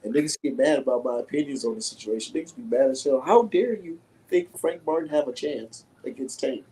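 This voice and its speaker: A man's voice: mid-range voice, a little fast, dark tone, breathy edge, low-quality recording. A man chatting casually and profanely on a live stream, laid-back and speaking his mind.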